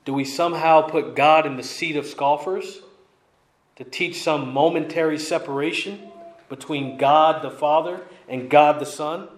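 A man's voice: on the high side, steady tone, a little slow. A man preaches a verse-by-verse sermon in a slightly raised voice. He is emphatic and drives his points home by repeating them. The sound is echoey, as in a church sanctuary. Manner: emphatic, repeats key lines. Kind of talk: expository sermon.

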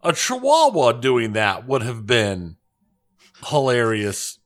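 A man co-hosting a podcast in casual chat, wry and relaxed as he goes over the news. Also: mid-range voice, slow pace, no room sound. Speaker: podcast co-host.

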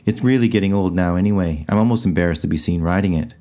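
A man's voice: sits low, fast, dark tone, natural voice. Man reading as a sneering rich teenage boy. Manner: taunting, sneering.

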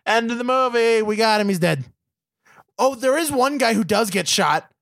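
A man with a high, gravelly voice co-hosts a podcast in loose, profane movie-review chat. He jokes around and acts out scenes as he goes. The sound is bright and dry. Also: expressive, moderate pace, no echo. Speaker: podcast co-host.

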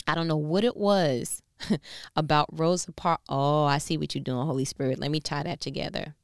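Woman, New York accent, low voice, smooth tone, casual Bible teaching, slangy asides. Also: fairly even intonation, normal speed, no room sound, clean studio sound. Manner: conversational, playful asides, slangy.

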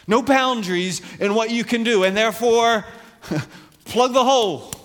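A man's voice: very high voice, moderate pace, a bit bright. A man preaching a conversational sermon as a pastor, acting out voices from the Bible story. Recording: long hall reverb.

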